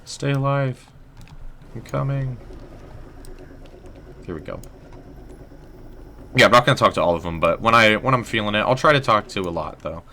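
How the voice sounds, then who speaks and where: A man's voice: lowish voice, lively intonation, fast talker, pauses often, bright, forceful tone, slight background noise. A young man casually commenting on his gameplay, chatting with viewers and joking at his own expense. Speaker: livestreamer and writer.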